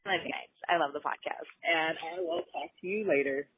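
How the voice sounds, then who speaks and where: A woman's voice: deep voice, brisk, slight background noise. A woman in her thirties leaving a chatty, enthusiastic voicemail for a podcast, rambling happily as she talks. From Southern California. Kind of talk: casual voicemail message. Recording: tinny phone line.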